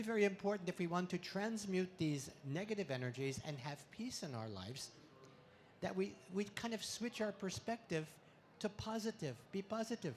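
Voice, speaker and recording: A man doing stand-up comedy on an expo stage, delivering puns in a playful way with sudden loud swells. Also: high voice, slight background noise. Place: expo stage before a live audience.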